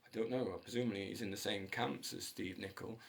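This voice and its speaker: Hosting his own channel, a man delivers a rambling, jokey solo monologue that drifts from one story to the next, digressive throughout. His voice is on the low side and fairly quick, with fairly even intonation and vocal fry.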